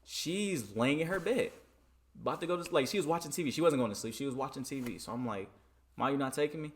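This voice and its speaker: A man from Michigan telling a story in a casual vlog, animated and dramatic, often repeating "you know what I'm saying.". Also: medium pitch, fast. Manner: dramatic re-enacting of dialogue.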